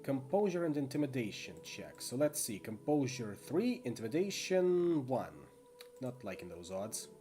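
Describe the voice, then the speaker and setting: A man reading and narrating a solo tabletop roleplaying game, in a measured storyteller manner. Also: faint music behind. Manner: measured storyteller, lively pitch.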